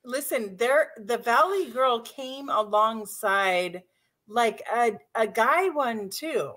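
A woman podcast co-host chatting casually, agreeable and quick to chime in. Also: a little high, lively intonation, a bit bright. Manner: agreeable, frequent backchannels. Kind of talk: casual chat.

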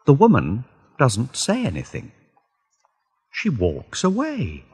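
Slow, husky male storyteller. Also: mid-range voice, huge pitch swings, darkish tone. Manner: deliberate, clearly spaced phrasing. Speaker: reader. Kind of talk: slow graded-reader story narration for learners.

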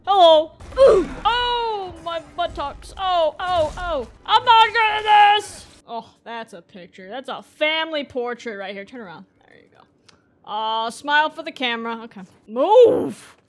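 A woman giving casual, joking gameplay commentary, with lots of excited exclamations. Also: extremely high pitch, measured pace. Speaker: video game player.

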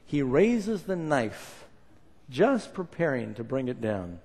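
A man preaching a sermon, retelling a story with dramatic swings between loud and hushed lines and acted quotes. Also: mid-range voice, very animated, takes it slowly, husky. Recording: reverberant hall.

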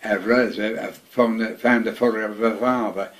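A man's voice: fairly low pitch, steady tone, normal speed. An older man, recalling his war service in casual conversation at home, rambling, repeating himself and swearing freely. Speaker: veteran interviewee. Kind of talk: casual reminiscing.

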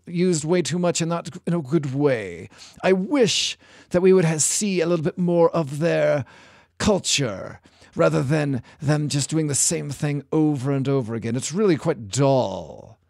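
A man's voice: on the high side, expressive, measured pace, gravelly, a little mellow, no echo, clean studio sound, voice pushed up. A man putting on a prim posh Englishman. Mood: prim complaining. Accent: put-on English.

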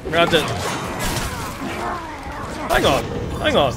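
A man with a Northern Irish accent, commentating live on his gameplay in an excitable, chatty way, calling out to his viewers. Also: a little high, takes it slowly, creaky. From Northern Ireland. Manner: excitable, chatty, calls viewers lads and chat. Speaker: game streamer. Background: music.

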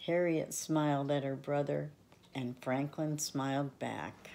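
An older woman reads a children's picture book aloud with gentle affection. Her voice is low and she reads unhurriedly. She sounds like a grandmother talking to small listeners. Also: steady tone, unhurried, creaky, a little hiss or hum. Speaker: storyteller for children. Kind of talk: reading a children's storybook aloud.

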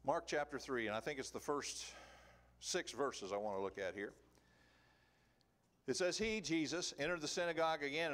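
Male preacher, sermon delivery, animated and emphatic, pitch on the higher side. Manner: animated, emphatic, rhetorical questions.

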